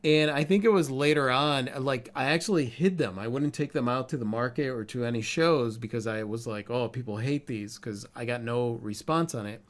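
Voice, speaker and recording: A man co-hosting a casual podcast about art, talking in a relaxed, candid way and swearing freely. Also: medium pitch, normal speed, few pauses. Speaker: podcast co-host, artist.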